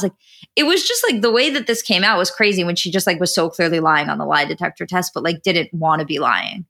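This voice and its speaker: A woman's voice: on the low side, fast talker. A woman co-hosting a podcast, talking animatedly with many "like"s and some swearing. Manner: animated, fills talk with "like", swears. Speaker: podcast co-host. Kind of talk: casual recap chat.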